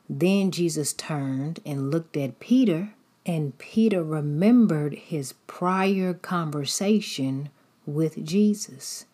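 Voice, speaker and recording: A woman's voice: low-pitched, dark tone, breathy edge. A woman preacher giving a sermon in a repetitive, rhythmic cadence.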